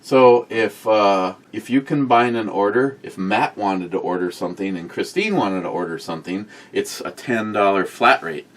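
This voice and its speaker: A man's voice: lowish voice, normal speed, hardly any pauses. A man co-hosting a casual talk show, chatting and joking with a friend. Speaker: co-host. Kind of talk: casual chat.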